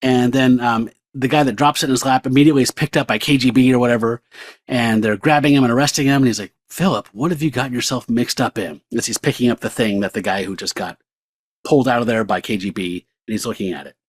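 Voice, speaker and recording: A man's voice: medium pitch, fairly even intonation, quick pace. A man co-hosting a podcast, casually summarizing and reading a comic book aloud, joking along. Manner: easygoing, joking, reads comic panels aloud. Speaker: podcast co-host.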